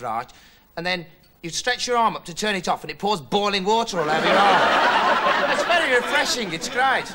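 A dim, rambling TV investigator. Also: male voice. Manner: rambling, deadpan, voice jumps up high when quoting people. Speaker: comic character monologue. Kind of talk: 1980s TV sketch comedy monologue. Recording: noisy old TV recording with loud studio audience laughter. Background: studio audience laughing.

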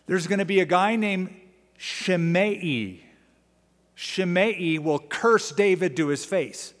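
A male pastor teaching a sermon, moving between lively storytelling, casual asides and dramatic readings of scripture. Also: sits high, slow pace. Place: large church sanctuary. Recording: long church-hall reverb.

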